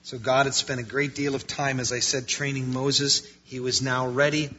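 A man preaching a sermon as pastor, swinging between loud passages and quiet ones. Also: mid-range voice, level tone, moderate pace. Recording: lo-fi muffled sound.

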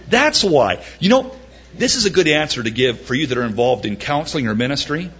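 A man preaching a sermon, quoting dramatically and joking wryly between slow emphatic points. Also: fairly high pitch, highs cut off. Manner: animated, dramatic quoting with mock-wailing and wry humor. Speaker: pastor.

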